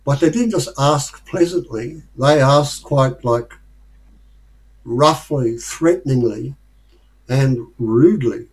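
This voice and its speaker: On poor audio, an Australian man speaks slowly in a mid-range voice. His storytelling is casual and rambling, full of chuckles, as he shares lessons from life.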